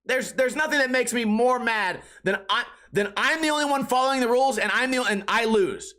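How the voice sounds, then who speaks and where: A man's voice: extremely high pitch, fairly quick, sharp tone. A young man hosting a podcast, telling a story in a casual, profane, exasperated rant. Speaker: podcast host.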